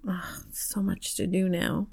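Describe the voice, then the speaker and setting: A woman's voice: lowish voice, lively intonation, vocal fry, a little mellow, breathy edge. Teasing woman in her fifties co-hosting. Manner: teasing, matter-of-fact, drawn-out words. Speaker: podcast co-host. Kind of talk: casual chat.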